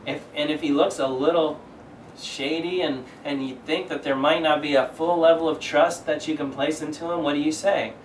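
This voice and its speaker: A man's voice: a little high, steady tone, normal speed, a little hiss or hum. A male pastor preaching a conversational sermon, asking rhetorical questions and acting out quotes. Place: church sanctuary. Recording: echoey church room, miked from a distance.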